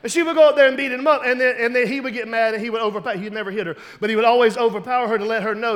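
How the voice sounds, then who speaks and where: A pastor with a strikingly high male voice delivers a sermon. He tells stories from the pulpit and rises to loud, emphatic shouts. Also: fast talker, hardly any pauses, long reverb tail. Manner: storytelling preacher, builds to loud emphatic shouts.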